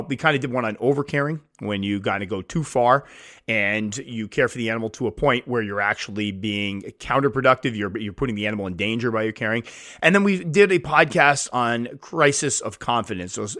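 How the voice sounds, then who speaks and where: On his own podcast, recorded at home with a podcast mic, a man chats casually and pokes fun at himself, occasionally performing the voices he quotes. His voice is mid-range with a fairly bright tone, captured in studio quality without room sound.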